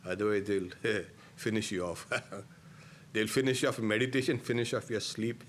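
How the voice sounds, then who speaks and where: A middle-aged man, a swami giving a spiritual discourse, emphatic and given to soft laughs at his own points. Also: lowish voice, level tone, moderate pace, a little hiss or hum.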